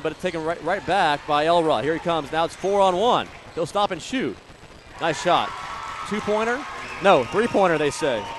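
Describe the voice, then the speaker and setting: Male play-by-play announcer, fairly high voice, brisk game calling, gym noise underneath. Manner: rapid running commentary, bursts of excitement on big plays. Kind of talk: live basketball play-by-play commentary.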